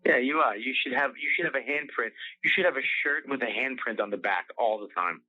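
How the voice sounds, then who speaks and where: A man's voice: medium pitch, quick pace. A man in the middle of his voice range, ranting and swearing nonstop in a casual podcast chat. The sound is thin and lo-fi, as if it came down a phone line. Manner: profane angry ranting. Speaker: comedian host. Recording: tinny lo-fi phone-like audio.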